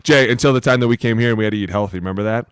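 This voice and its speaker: Profane, animated former lineman. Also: fairly low pitch, very fast. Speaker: podcast co-host, former NFL lineman. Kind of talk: casual chat.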